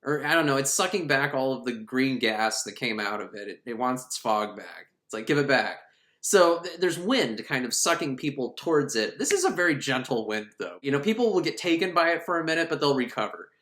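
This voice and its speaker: A man recaps an animated film with sarcastic, profane humor, his pitch swinging widely as he goes. His voice sits in the middle of the male range. The room around him is echoey. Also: fairly quick, hardly any pauses. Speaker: movie reviewer. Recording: roomy echo.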